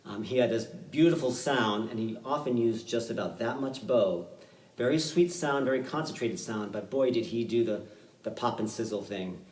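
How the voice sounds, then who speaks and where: Man, fiddle teacher, halting explanations, roomy sound, mic at a distance, loud fiddle playing. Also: mid-range voice. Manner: relaxed, halting explanations with many fillers, demonstrating on fiddle. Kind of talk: online music workshop. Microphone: video call.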